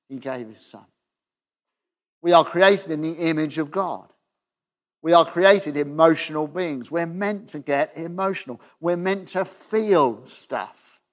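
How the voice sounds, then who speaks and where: A man preaching a conversational sermon, often checking in with the congregation and letting his voice drop softly at the ends of phrases. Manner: conversational, asks the audience questions with tag "okay?"; drops to a soft low voice at the ends of phrases.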